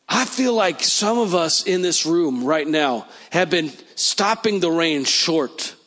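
Fervent preacher man, slightly high voice. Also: a little slow, vocal fry, fairly bright tone, breathy edge. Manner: storytelling, then fervent declaring prayer. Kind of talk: sermon with prophetic prayer. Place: church service.

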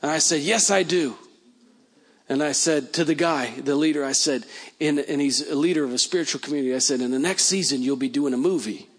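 A man's voice: a little high, a little fast, slightly rough. A man preaching a sermon, telling stories and then praying in a fervent, declaring way. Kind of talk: sermon with prophetic prayer. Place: church service.

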